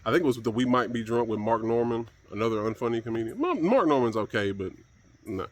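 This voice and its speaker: Man, solo commentary rant, blunt, profane, exasperated, mid-pitched voice. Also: lively intonation, fast.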